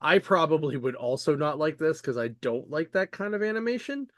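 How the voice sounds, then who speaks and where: A man's voice: on the high side, expressive, fairly quick, a bit bright, dry recording, studio quality. A man hosting a podcast, chatting casually and rambling with lots of fillers and the odd swear. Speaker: podcast host. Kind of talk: casual chat.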